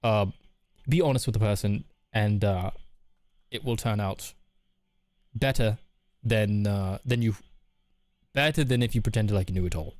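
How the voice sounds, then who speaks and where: A man's voice: on the low side, moderate pace, long pauses, darkish tone, no echo. A man streaming live, chatting casually and candidly with his viewers while reading their messages, laughing often. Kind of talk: casual chat.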